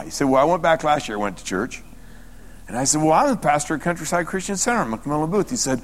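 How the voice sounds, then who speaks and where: A man preaching as a pastor, telling a story animatedly and acting out the dialogue as his excitement builds. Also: medium pitch, brisk. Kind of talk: sermon. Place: church sanctuary. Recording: long reverb of a church hall.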